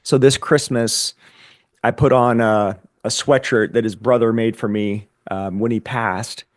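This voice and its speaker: A man's voice: on the low side, fairly even intonation, a little slow, no room sound, clean studio sound. A man telling his personal story as a podcast guest, earnest and reflective, often repeating words as he gathers his thoughts. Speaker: podcast guest, Air Force veteran.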